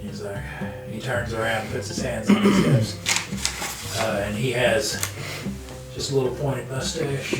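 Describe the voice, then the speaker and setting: A man's voice: mid-range voice, expressive, unhurried, long pauses. A man narrating as game master of a tabletop game, rambling with many fillers. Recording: echoey room, distant mic, music behind.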